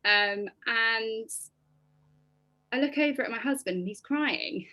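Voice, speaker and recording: A woman in her thirties, a podcast guest telling her personal story in an animated, expressive way with lots of ums. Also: on the high side, slow, dry recording, muffled recording.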